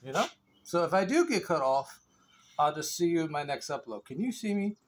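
A man's voice: on the high side, very animated, moderate pace. A man vlogging outdoors on his phone while doing yard work, chatting and rambling to his viewers and laughing often. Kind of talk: casual chat to viewers. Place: outdoors in a neighborhood yard, windy. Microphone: phone camera.

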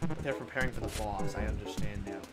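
A woman streamer giving casual live commentary while playing, swearing freely and yelling at enemies. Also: extremely low pitch, quick pace. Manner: animated, swears a lot, yells at enemies. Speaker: game streamer. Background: game music.

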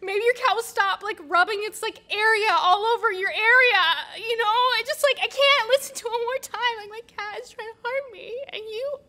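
A woman's voice: high voice, fairly even intonation, a little slow, pauses often, fairly bright tone. An actress playing an anxious, paranoid woman in her thirties who rambles, apologizes and bursts into rants. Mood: ranting. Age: 30s.

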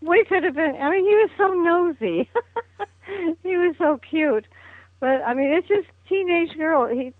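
A woman's voice: very high-pitched, expressive, unhurried, no room sound. An older woman chats as an interview guest, reminiscing in a loose, storytelling way and breaking into laughs often. Her voice arrives over a tinny phone line. The sound is dry, with no room around it. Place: at home on a phone call.

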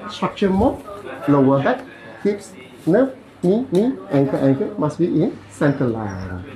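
A man's voice: on the high side, sing-song, a little slow, reverberant, a crowd in the background. Malaysian man counting through a treatment. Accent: Malaysian English. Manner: counts aloud and adds playful sound effects. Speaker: bone-setting practitioner. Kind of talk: commentary while treating a patient.

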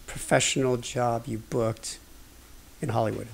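A man's voice: medium pitch, fairly even intonation, measured pace, gravelly. A man hosting a talk show, asking probing questions with dry humor. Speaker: host.

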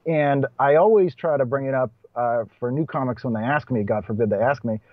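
A man's voice: medium pitch, brisk, dry recording. A man from Boston, a stand-up comedian, talking casually as a podcast guest, restarting sentences and laughing between points. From Boston, USA. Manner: chatty, self-correcting, laughs between points. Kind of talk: casual conversational interview. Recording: dull, muffled podcast audio.

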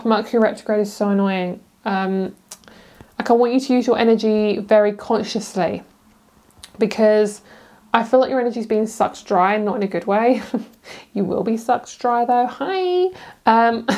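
A woman's voice: medium pitch, a little mellow. A young British woman giving a casual, rambling tarot reading, chatty and giggly, with many fillers. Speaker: tarot reader.

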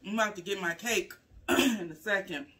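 A woman vlogger with a medium-pitched voice chats casually with her viewers at a moderate pace while eating, calling them y'all. She savors her food, humming "mm" between bites and often talking with her mouth full, staying relaxed and chatty throughout this live eating vlog.

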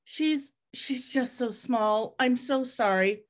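A woman reading her memoir aloud, voicing her grown younger brother as he apologizes through tears, halting and pitched up from her usual low voice. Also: fairly even intonation, a little mellow, natural voice. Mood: tearful. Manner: halting, apologetic, voice raised higher. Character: grown man, grieving younger brother, tearful.

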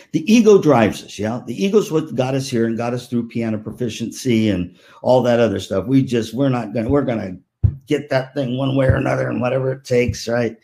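Delivering a conference keynote, this man spins playful stories, mimics his relatives' voices, and trades jokes with the crowd. He speaks at a medium pitch in a warm tone.

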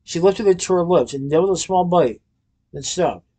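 A man narrating a children's story in an expressive storytelling manner. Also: sits high, normal speed. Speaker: audiobook narrator. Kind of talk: scripted narration.

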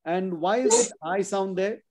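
A man's voice: sits high, a little slow, darkish tone, a little hiss or hum, poor audio. Man, spelling teacher, online class for kids, patient, spells words out letter by letter. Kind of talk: online spelling lesson for children.

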